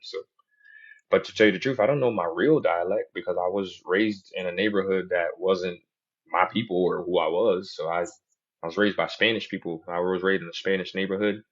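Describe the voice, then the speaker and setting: A man's voice: low-pitched, steady tone, normal speed, muffled recording. A man hosting a podcast in casual chat, telling stories animatedly and mimicking other people's voices in quotes. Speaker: podcast host.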